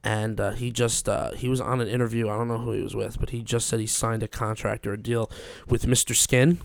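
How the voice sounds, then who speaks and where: A man's voice: mid-range voice, little pitch movement, brisk, gravelly. A young man chatting casually as a podcast host, rambling and swearing with lots of fillers. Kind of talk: casual chat.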